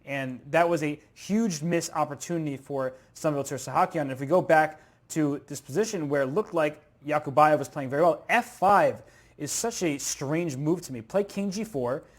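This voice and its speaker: Excitable man calling chess moves. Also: on the high side, moderate pace. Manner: excitable, thinks aloud through move sequences. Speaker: chess commentator. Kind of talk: live chess commentary.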